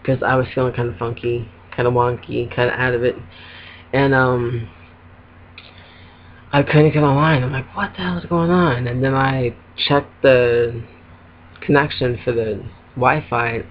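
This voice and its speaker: A man's voice: medium pitch, level tone, a little slow, slight background noise. A man venting casually to camera from home, rambling with lots of ums and little laughs. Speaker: vlogger. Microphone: laptop webcam. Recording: dull lo-fi webcam audio.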